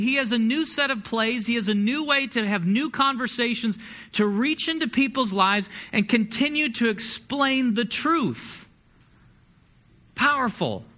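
With a very high-pitched voice, a male pastor delivers an energetic, conversational sermon and keeps asking the congregation questions.

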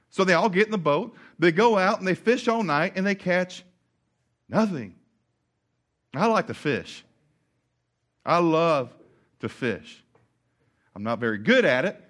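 A man's voice: high-pitched, a bit bright. A man preaching a sermon, retelling a Bible story with jokes and asides to the congregation. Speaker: pastor.

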